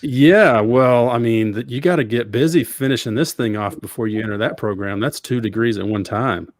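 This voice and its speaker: A man's voice: mid-range voice, normal speed, dry recording, studio quality. A middle-aged man from Georgia with a Southern accent, hosting a casual podcast interview in a rambling, folksy way full of fillers. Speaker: podcast host.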